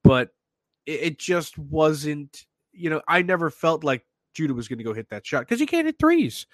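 A man hosting a sports podcast, talking in an animated, excitable way with lots of restarts. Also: a little high, moderate pace, no room sound. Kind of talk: casual sports talk.

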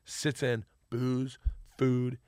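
A man telling a long story in casual chat, animated and profane, acting out the other people's lines. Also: medium pitch, very slow, clean tone, no room sound, studio quality. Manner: animated, profane, acts out quotes. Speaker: guest storyteller.

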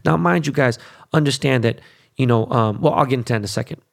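A fast-talking podcast host from Los Angeles, a man in his forties with a gravelly, medium-pitched voice, delivers a blunt, casual rant. He swears heavily and keeps asking "okay?"

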